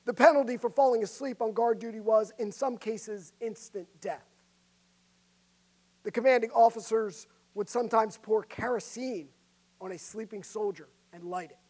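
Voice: medium pitch, normal speed, a little mellow. An emphatic preacher delivers a sermon in a church, stressing key phrases. The preacher often turns to the congregation with direct questions. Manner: emphatic, asks the audience questions.

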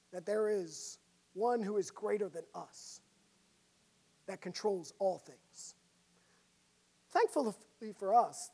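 A woman preaching a sermon, telling a story dramatically and swinging between loud and soft. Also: mid-range voice.

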